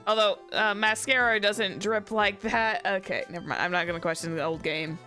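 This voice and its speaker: A woman's voice: mid-range voice, steady tone, moderate pace, pushed and bright, soft background music. A woman streamer chatting casually as she plays, rambling, joking and swearing now and then. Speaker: VTuber streamer. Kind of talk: casual game commentary.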